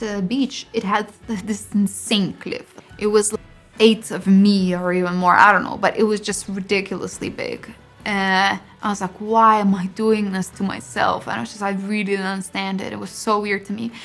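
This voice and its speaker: A young woman, a singer, telling stories to camera in a loose, rambling way, full of fillers and lively asides. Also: medium pitch. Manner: rambling, filler-heavy, animated storytelling. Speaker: singer and songwriter. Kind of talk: casual storytelling to camera.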